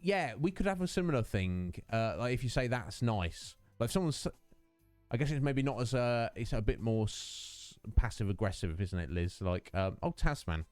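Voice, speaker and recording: Brief: British streamer, thirties, chatty and animated, bouncing pitch, dry sound with faint music. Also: male voice, moderate pace, smooth, dry recording. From United Kingdom. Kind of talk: casual chat with stream viewers.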